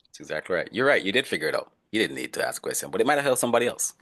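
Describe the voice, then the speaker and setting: A man's voice: deep voice, sing-song, very fast, a bit bright. A man teaching an online class, explaining and calling on students by name in a casual, conversational way. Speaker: instructor.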